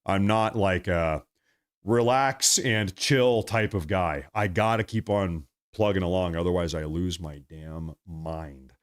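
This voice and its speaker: Middle-aged guy doing a live stream, chatty and animated, repeats himself a lot, thanks people constantly. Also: deep voice, takes it slowly. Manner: animated, repetitive, thanks viewers often. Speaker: livestream host reading super chats. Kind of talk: casual live-stream commentary.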